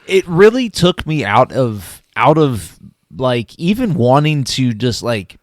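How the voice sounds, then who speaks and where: A man from Florida co-hosting a casual film review, speaking haltingly with many fillers and restarts. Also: mid-range voice, big pitch swings, no room sound, studio quality. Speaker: podcast co-host.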